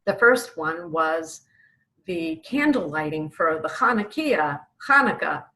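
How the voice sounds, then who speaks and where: A woman's voice: low-pitched, animated, takes it slowly, pushed and bright, low-quality recording. A middle-aged woman from New York, earnestly telling a personal faith story as an author and acting out her own pleas. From Brooklyn, New York. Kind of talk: personal testimony.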